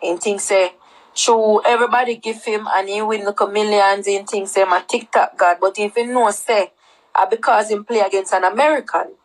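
A woman's voice: mid-range voice, steady tone, moderate pace. A woman with a Jamaican accent chatting casually on a livestream, rambling and repeating herself, mixing Patois into her talk.

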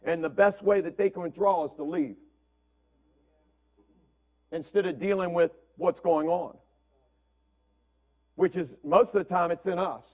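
A man's voice: fairly high pitch, highs cut off. A man preaching a conversational sermon as pastor, repeating words and checking in with "right?". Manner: asks "right?" constantly, repeats words, acts out family quotes.

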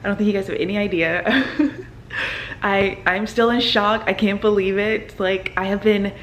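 A young woman in her twenties, a medical student, talking casually to camera with lots of fillers and excited exclamations. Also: mid-range voice, moderate pace, slight background noise. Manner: excited and emotional, many fillers like "like" and "oh my God".

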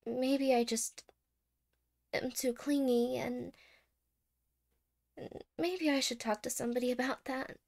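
A woman voicing a clingy, anxious young girlfriend in a whispered role-play, soft-spoken, stammering and apologetic. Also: high-pitched, fairly even intonation, slow, creaky, long pauses, full character voice. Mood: anxious, teary. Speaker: ASMR role-play creator.

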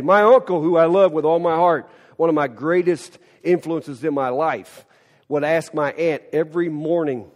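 A male pastor delivers a sermon in a lively, chatty way, often turning to the congregation with quick questions and asides. His voice sits fairly high for a man. The long reverb of a church hall trails after his words. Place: church sanctuary.

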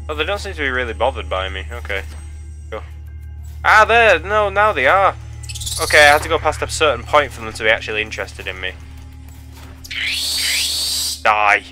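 A man's voice: medium pitch, a little fast, faint music behind. A young man giving let's play commentary, yelping and pleading with the game as he plays. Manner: excitable, yelps and pleads at the game. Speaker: gaming channel host.

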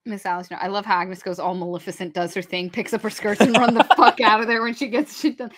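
A woman co-hosting a book podcast, retelling the plot in a casual, animated way, acting out characters' lines and swearing freely. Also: mid-range voice, quick pace, a little hiss or hum. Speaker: podcast co-host. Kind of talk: casual book review chat.

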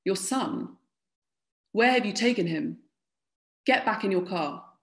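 A woman's voice: medium pitch, expressive, slow pace, roomy sound. A woman voicing a young male soldier with an English accent who barks terse, commanding orders in a story read aloud. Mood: brusque.

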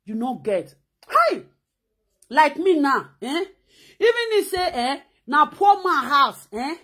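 A vlogger with a Nigerian Pidgin accent rants slowly at the camera in a high-pitched voice, scolding and mocking in an animated way while she keeps sewing.

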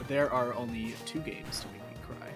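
A man's voice: mid-range voice, fairly even intonation, moderate pace, over music. A young man on a voice call, chatting casually about games, joking and swearing, often restarting his sentences. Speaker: friend in voice call. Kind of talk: casual gaming chat.

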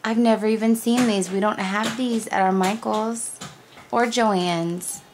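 A young woman talks to her viewers at an easy, unhurried pace. She gushes over every item she unwraps, gasping and exclaiming with delight, in a casual unboxing chat. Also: mid-range voice, noisy background. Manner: gushing and excitable, gasps and repeats "oh my gosh". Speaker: crafting vlogger.

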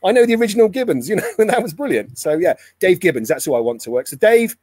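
Chatty man, slightly high voice. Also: sing-song, fast talker, darkish tone, dry recording. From Scotland. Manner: chatty, laughs often, says "mate". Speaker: comic editor. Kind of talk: casual chat.

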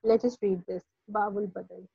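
A woman teaching an online Arabic grammar class, explaining patiently with many pauses. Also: mid-range voice, fairly even intonation, creaky, warm tone, husky, no echo. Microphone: video call. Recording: dull lo-fi online call audio.

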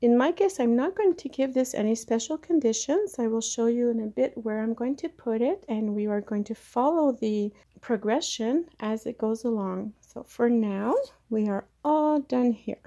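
In a laid-back how-to on propagating plants, a chatty woman talks with a touch of hesitation as she works with her hands. Her mellow voice is a little high and unhurried, at a moderate pace. Sound comes from a camera mic placed very close.

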